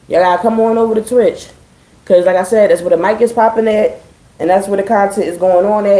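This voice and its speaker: A woman's voice: mid-range voice, dark tone, roomy sound, poor audio. A woman streaming live from home, chatting casually with her viewers, swearing freely and keeping a dry, sarcastic edge. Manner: chatty, profane, addressing viewers as y'all.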